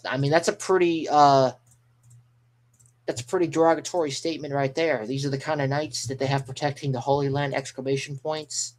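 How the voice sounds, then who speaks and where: An excitable man rambles through a live manga reaction, reading panels aloud and reacting as he scrolls. He swears mildly and corrects himself, in a mid-pitched voice. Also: brisk.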